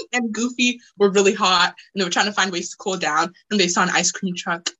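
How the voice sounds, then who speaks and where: A young adult woman co-hosting a podcast, chatting casually in an excitable, giggly way. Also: medium pitch, low-quality recording. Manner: excitable, giggly, quick to laugh. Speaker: podcast co-host. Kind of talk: casual chat.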